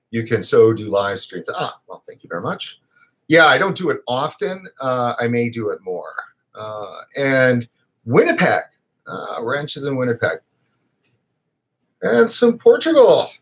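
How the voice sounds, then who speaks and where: A man's voice: medium pitch, big pitch swings, measured pace, breathy edge. A man hosting his own vaping news show, talking casually and emphatically on a live stream, rambling with fillers and restarts.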